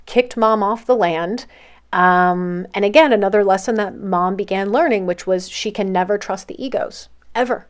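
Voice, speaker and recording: Casual woman narrator, mid-pitched, chatty storytelling full of fillers. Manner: loose, filler-heavy narration with "like" and "um". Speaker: narrator of a group's history series.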